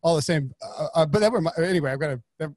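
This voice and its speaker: Man, podcast host, high voice, very dry sound, rambling, joking. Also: fast, a little mellow, dry recording. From North Carolina, US. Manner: rambling, joking, many restarts. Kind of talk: casual podcast chat.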